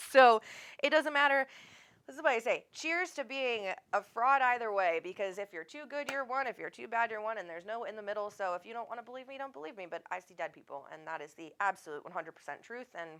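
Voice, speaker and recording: A woman's voice: fairly high pitch, animated, fairly quick, fairly bright tone. Chatty woman hosting a live stream. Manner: chatty, laughs often, swears casually. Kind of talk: casual live-stream chat reading comments.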